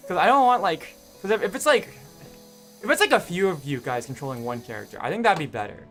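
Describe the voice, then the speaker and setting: A man's voice: high voice, lively intonation, fast talker, fairly bright tone, soft background music. A young man chatting with his live-stream viewers in a casual, rambling way, full of fillers and restarts.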